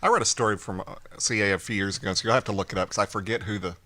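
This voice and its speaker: A man's voice: on the low side, very fast, pushed and bright. A man co-hosting a casual podcast chat, telling stories with quoted lines and a laugh. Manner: storytelling with acted quotes and laughter. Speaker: podcast co-host.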